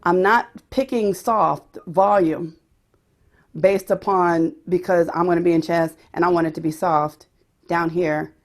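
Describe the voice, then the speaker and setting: A woman's voice: fairly low pitch, steady tone, measured pace, faint music behind. Woman, vocal pedagogy teacher, explains and demonstrates voices.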